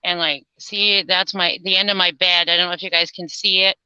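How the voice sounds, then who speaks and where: A woman's voice: lowish voice, fairly even intonation, a little fast, pushed and bright, smooth, no room sound. Joking woman on a dull video call. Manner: joking, self-mocking, laughs often. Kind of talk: casual chat. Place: own home, on a video call.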